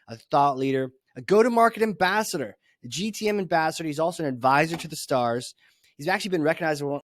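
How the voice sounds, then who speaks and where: A man's voice: on the high side, dry recording, studio quality. A man hosting a podcast, talking in a hyped, playful way with casual swearing and banter. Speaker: podcast host. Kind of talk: energetic podcast interview.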